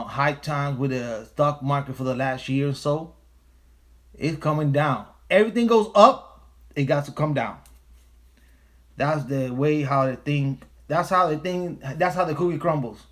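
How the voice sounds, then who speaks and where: A man from the United States hosts his own livestream, talking from home. His voice sits a little high for a man. He swears freely and hammers his points home by saying them again and again. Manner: profane, emphatic, repeats phrases. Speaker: livestream host. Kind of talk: casual livestream commentary.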